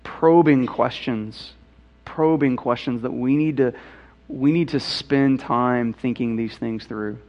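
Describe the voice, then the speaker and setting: A man's voice: medium pitch, takes it slowly, lo-fi sound. A man preaching a sermon, who often repeats words and asks probing questions. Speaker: pastor.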